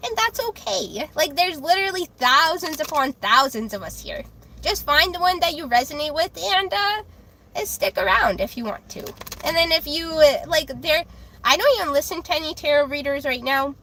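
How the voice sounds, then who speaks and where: A high-voiced woman chats on her own live tarot stream. Her tone is bright and forceful. She speaks bluntly and defensively, with frequent fillers and self-corrections. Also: expressive, moderate pace, slight background noise. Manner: chatty, many fillers and restarts. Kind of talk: casual live-stream chat.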